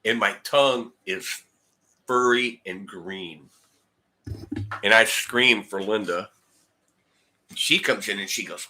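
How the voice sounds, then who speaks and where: A man's voice: lowish voice, unhurried, long pauses, bright, forceful tone. A man telling a long personal story in a rambling, casual way, acting out the dialogue and repeating words. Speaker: guitar channel host. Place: home, indoors.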